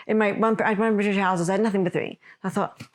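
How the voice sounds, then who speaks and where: A woman's voice: mid-range voice, steady tone, fast. A woman telling a personal story on a podcast, rambling and correcting herself as she goes. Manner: rambling, self-correcting, emotional retelling. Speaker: podcast host.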